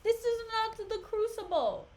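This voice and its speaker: A woman's voice: very high voice, expressive, unhurried, a little mellow, voice pushed up. A woman voicing an exasperated man, a general defending himself in slangy modern speech. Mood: indignant. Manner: indignant, emphatic, slangy.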